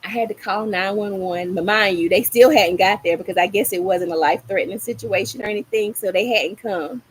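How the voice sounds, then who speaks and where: A middle-aged woman hosting a gardening livestream, telling a story in a casual, animated way and acting out the lines she quotes. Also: a little fast, slightly rough, poor audio. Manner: animated, acts out quoted lines with rising pitch. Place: small home patio garden, outdoors.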